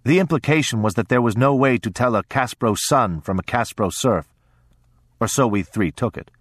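A man reading a first-person story aloud in a measured, steady way, as an audiobook narrator. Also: mid-range voice, dry recording, studio quality.

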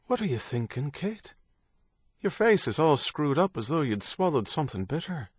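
A man reading an audiobook, voicing a devoted husband in a soothing, gentle way. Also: a little high, very animated, normal speed, breathy edge, dry recording, pitched above the performer's own voice. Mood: concerned.

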